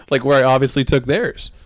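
A man's voice: medium pitch, moderate pace, no room sound, studio quality. Laid-back young man, swearing storyteller. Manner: swears freely, tells stories laughing. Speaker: podcast co-host. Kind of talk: casual chat.

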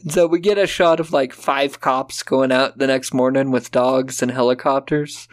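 A man co-hosts a podcast, chatting loosely through a film recap with sarcasm and silly-voiced impressions of its lines. He speaks at normal speed with a medium pitch and steady tone.

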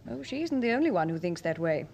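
A poised novelist, sardonic, sharp-tongued, radio drama. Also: female voice, on the low side, big pitch swings, fast, vocal fry, full character voice. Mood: wry.

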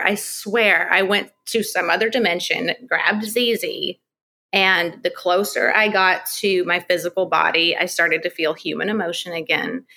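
A woman in her thirties, a podcast guest, tells a personal story with candor. Her lowish voice is gravelly but carries a bright, forward edge. She rambles, restarts her sentences and fills them with "like.".

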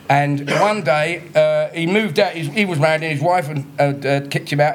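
A man's voice: on the high side, slight background noise. A man, a comedian telling stories and teasing a live audience. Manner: joking, teasing the audience, laughing at own lines. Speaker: comedian guest. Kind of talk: live podcast stand-up storytelling.

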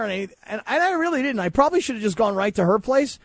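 A man's voice: high voice, lively intonation, fast talker, dry recording. A middle-aged man hosting a radio show, dry and wry, with self-deprecating humor. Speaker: radio host. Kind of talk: casual sports radio banter.

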